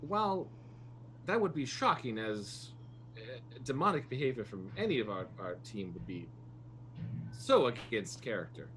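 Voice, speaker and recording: A man voicing a sly, fawning ship crew member who schemes while flattering his captain. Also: mid-range voice, measured pace, slight background noise.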